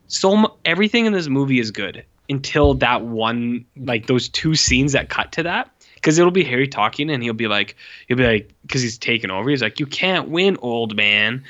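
Animated young man, bright lo-fi voice. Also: mid-range voice. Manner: animated, swears, mimics characters with squeals. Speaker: podcast co-host. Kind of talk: casual movie chat. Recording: slightly dull lo-fi audio.

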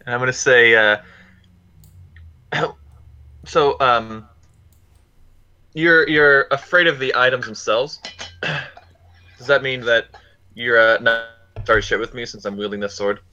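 A man playing in a tabletop game, talking casually and haltingly, clearing his throat between fillers. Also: mid-range voice, bright, forceful tone. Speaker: player. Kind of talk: casual role-play chat. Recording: dull, lo-fi mic.

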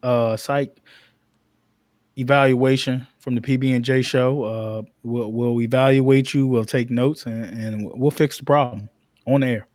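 A man's voice: medium pitch, fairly even intonation, a little slow, a little mellow, no room sound, studio quality. A man co-hosting a casual podcast, joking and telling stories and swearing freely. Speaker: podcast co-host.

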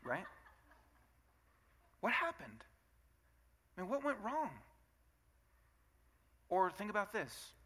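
A man's voice: high-pitched, huge pitch swings, slow pace, long pauses, sharp tone. A man in his thirties preaching a sermon in a conversational way, asking rhetorical questions and acting out both sides of everyday arguments. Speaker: pastor.

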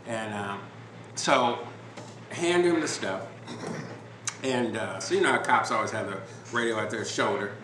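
A man hosting a podcast, telling a story in a relaxed, rambling way with lots of fillers and restarts. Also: lowish voice, measured pace. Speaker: podcast host. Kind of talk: casual storytelling chat. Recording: roomy with background noise.

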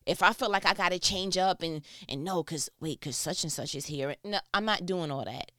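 Animated woman, dry sound. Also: moderate pace, no room sound. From New York. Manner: animated, swings between high mock voices and low confiding asides. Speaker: speaker on faith and church life. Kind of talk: casual monologue.

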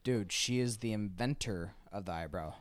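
A man's voice: lowish voice, normal speed. A man in casual chat, blunt and profane, laughing often.

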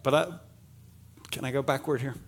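A man's voice: medium pitch, fairly even intonation, normal speed, slight background noise. A middle-aged man from Pennsylvania preaching a sermon in a church, chatty and self-deprecating, joking with the congregation. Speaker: pastor. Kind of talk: sermon with humorous asides. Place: church sanctuary.

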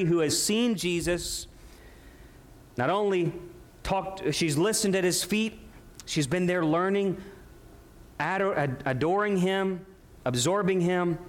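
A male pastor preaching a sermon in a church sanctuary, telling a scripture story with animated delivery and asking the congregation rhetorical questions. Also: high-pitched.

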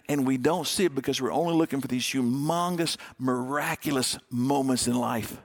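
A man preaching a sermon, dropping to a hush on key words with dramatic pauses. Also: mid-range voice. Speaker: pastor.

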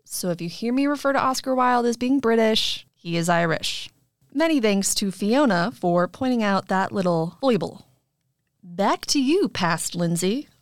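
A woman's voice: medium pitch, animated, measured pace, no echo, studio quality. A woman hosting a podcast about art, talking in a playful, self-mocking, chatty way. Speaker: podcast host. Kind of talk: casual chat.

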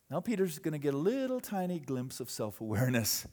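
A man preaching a sermon, telling a story with dramatic swings between loud bursts and hushed moments. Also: mid-range voice, very animated, a little fast, few pauses. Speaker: pastor.

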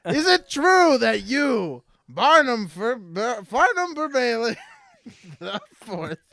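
A man's voice: very high-pitched, very animated, slow, creaky, pushed and bright, dry recording, heavily acted. A man voicing a brash, mocking male game show host in an improvised comedy bit.

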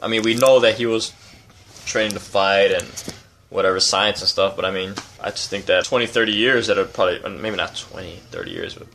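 A man's voice: deep voice, fairly even intonation, a little fast, bright, forceful tone, a little hiss or hum. A man chatting as a guest on a casual podcast, musing in a loose, offhand way. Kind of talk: casual comedic chat.

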